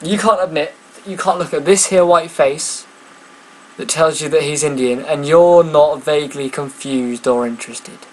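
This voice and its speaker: A man's voice: on the high side, moderate pace, slight background noise, rough recording. A young man chatting casually to camera, rambling and self-mocking with many ums. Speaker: vlogger. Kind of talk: casual vlog chat.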